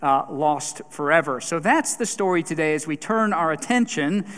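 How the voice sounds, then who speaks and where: A man's voice: fairly high pitch, animated, normal speed, fairly bright tone. A man preaching a sermon in a conversational way, with a few fillers and repeated words. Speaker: pastor. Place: church sanctuary. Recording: long church reverb.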